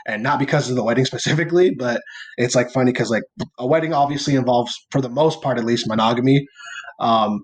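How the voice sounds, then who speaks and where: Speaking fast in a mid-range voice, a young man co-hosts a casual podcast chat and rambles through a story. His laid-back, playful telling is full of "like" and "or whatever," with casual swearing.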